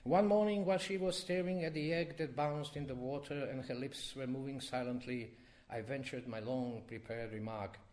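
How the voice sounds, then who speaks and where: A man reading his own poem to a live audience, with expressive rises and drops in his voice. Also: moderate pace. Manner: expressive, wide swings in pitch and loudness. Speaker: poet reading his work. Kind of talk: poetry reading.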